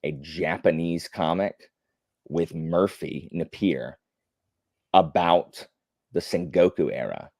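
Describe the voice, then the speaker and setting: A man's voice: low-pitched, takes it slowly, pauses often, a little mellow, dry recording, clean studio sound. A man hosting a live stream, chatting casually and answering viewer comments in a rambling, filler-heavy way with blunt opinions. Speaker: livestream host. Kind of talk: casual chat while reading viewer comments.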